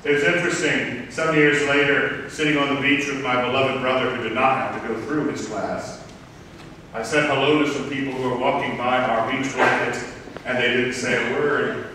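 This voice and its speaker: A man from Southern Maryland delivers a sermon in a bright, forceful voice, weaving wry personal anecdotes into his message. He sounds distant from the mic, his words ringing through a large reverberant hall with a long tail, over faint room ambience. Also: medium pitch, steady tone, moderate pace, slight background noise. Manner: personal storytelling, wry and reflective. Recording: echoey hall, picked up from far off.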